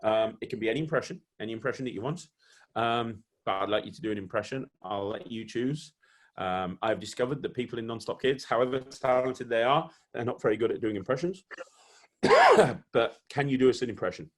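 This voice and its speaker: A man's voice: mid-range voice, brisk. Enthusiastic man hosting an interview. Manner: effusive, enthusiastic praise. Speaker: podcast host. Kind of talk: casual interview.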